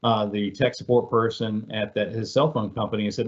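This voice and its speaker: A man's voice: lowish voice, steady tone, fairly quick, muffled recording. Man presenting a security webinar. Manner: conversational, filler-heavy, storytelling. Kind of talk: casual explanatory presentation.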